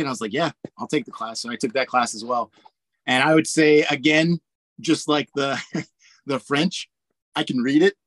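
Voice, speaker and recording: A man in his forties from Indiana, an army pilot, telling stories in a relaxed, chatty way full of fillers and frequent laughs. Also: mid-range voice, no room sound. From Indiana, USA. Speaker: guest, army warrant officer pilot. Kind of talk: casual storytelling interview.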